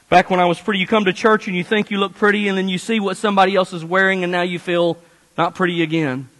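A male pastor preaching a sermon, his voice high and bright as he tells stories with playful asides. He sounds from a big hall with a long reverb. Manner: animated storytelling, playful asides.

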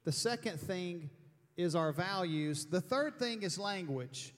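A man from Alabama preaching a sermon with emphatic, animated delivery, sometimes mimicking loud slow speech. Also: sits high. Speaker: pastor. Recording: reverberant church hall.

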